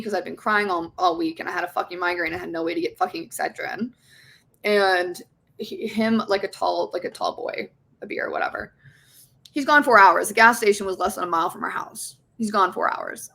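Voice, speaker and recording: A woman's voice: mid-range voice, vocal fry, sharp tone. A young woman as an interview guest, candidly telling a personal story, swearing often and acting out the voices of others. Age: young adult.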